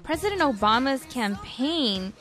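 A woman's voice: high-pitched, expressive, a little slow, a bit bright, soft background music. A woman presenting a news segment on a casual talk show, reading the stories in a friendly way.

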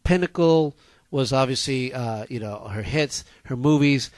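A man's voice: medium pitch, unhurried, no echo. Guy cohost going on and on, repeats himself a lot, dry studio mic. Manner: animated, rambling, repeats himself. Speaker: co-host. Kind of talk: casual radio chat.

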